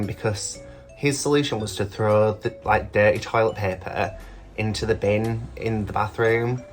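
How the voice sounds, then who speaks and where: A young British drag queen vlogger tells stories casually, chatty, swearing freely and saying "like" a lot. His voice is fairly low and fairly even in intonation, a little slow, with faint music behind.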